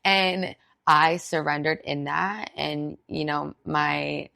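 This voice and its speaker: A woman's voice: low voice, steady tone, takes it slowly, creaky, pushed and bright, no room sound. A young woman speaking as a podcast guest, telling a candid personal story in a heartfelt, rambling way with lots of "like" fillers.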